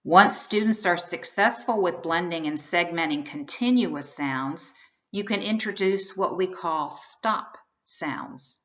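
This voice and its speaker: A woman giving scripted instructional narration, explaining in a measured, explanatory way how to teach sounds. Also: lowish voice, a bit bright. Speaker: reading instructor. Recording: slightly dull, lo-fi voice-over.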